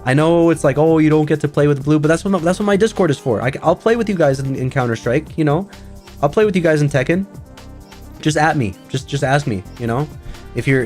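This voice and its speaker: A man's voice: fairly high pitch, a little mellow. A man streaming as a VTuber, chatting casually in a rambling way full of fillers and restarts. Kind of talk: casual livestream chat.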